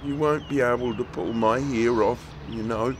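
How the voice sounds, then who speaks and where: A man voicing a lonely, gentle real witch who talks in a wistful, pleading way. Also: extremely high pitch, wildly swooping pitch, a little slow, creaky, background noise, voice pushed up, heavily acted.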